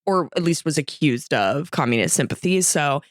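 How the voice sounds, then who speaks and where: Female podcast co-host, wry and sarcastic, slightly low voice, dry close mic. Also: animated, normal speed, no room sound. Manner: wry, sarcastic quips, laughs often. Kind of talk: casual movie review chat.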